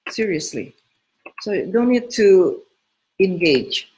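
Middle-aged female dating coach, casual, frank and emphatic, medium pitch. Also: animated, slow pace, a little mellow. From Southern California home. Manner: frank, emphatic, repeats key words. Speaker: dating coach answering listener questions. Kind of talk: casual advice talk.

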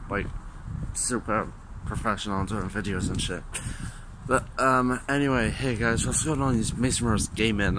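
A young man with a Welsh accent, rambling casually as a vlogger while he walks outdoors to a bus stop, talking into a handheld phone. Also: medium pitch. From Wales. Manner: rambling and offhand, with loose swearing. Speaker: gaming YouTuber. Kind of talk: casual vlog chat. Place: outdoors on a busy street, walking to a bus stop. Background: passing traffic.

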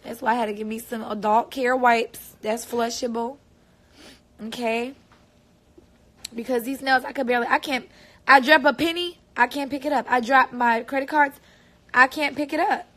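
High-voiced playful young woman, chatty. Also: steady tone, normal speed, a bit bright. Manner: playful, rambling, makes silly noises. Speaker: singer livestreaming on tour. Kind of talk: casual livestream chat.

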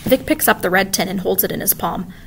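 Female teacher, storybook read-aloud; expressive, clear, soft background noise. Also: medium pitch, fairly quick. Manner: expressive, animated reading. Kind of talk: reading a children's book aloud.

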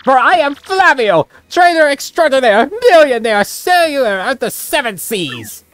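A woman's voice: sits high, very animated, a little slow, dry recording, pitched above the performer's own voice. A woman voicing a pompous, greedy rich male merchant with theatrical fake-Italian phrasing, over faint game music. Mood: boastful. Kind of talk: voicing game dialogue aloud.

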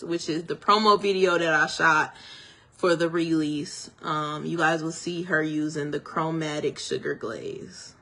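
Bright, slow-talking chatty woman. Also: sits low. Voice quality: slightly tongue-tied from retainers. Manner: chatty, gushing, talks straight to viewers. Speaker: hairstylist and small business owner. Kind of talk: casual product reveal vlog.

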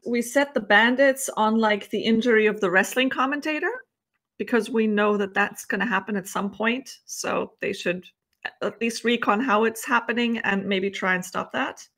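A woman's voice: on the high side, moderate pace, a bit bright. A woman talking as a player in a tabletop game, planning eagerly. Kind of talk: casual tabletop play.

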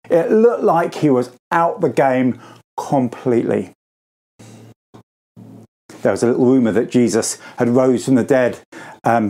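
A man gives a school assembly talk in a relaxed, gravelly voice with a dark, mellow tone. He tells the story informally to children, lifting his pitch sharply whenever he acts out what a character says. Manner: informal, acts out quoted lines with pitch jumps.

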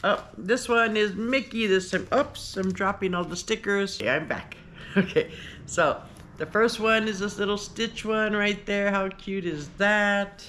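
A woman hosting a casual unboxing vlog, talking in a gushing, excitable way. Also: medium pitch, measured pace, a little hiss or hum. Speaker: vlogger host. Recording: paper crinkling and clicks behind.

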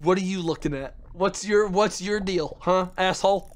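A man streaming a fishing game, chatting to his viewers, swearing and shouting in frustration and excitement. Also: high voice, moderate pace. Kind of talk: gaming livestream commentary.

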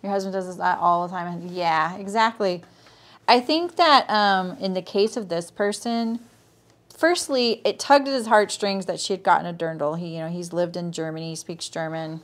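A sewing teacher streams a live tutorial, her voice fairly low at a normal pace. In a chatty way she guides viewers step by step, greeting people by name and checking in with "right?".

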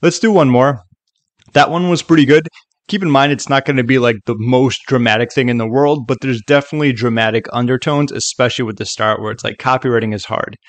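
A man hosting a relaxed software tutorial, chatty and informal, often checking in with "okay" and "right". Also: medium pitch, a little fast, no room sound. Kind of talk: casual screen-recorded tutorial.

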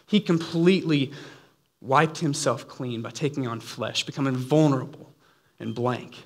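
A man's voice: mid-range voice, moderate pace. A man preaching a sermon in an earnest, conversational way, slipping in playful asides.

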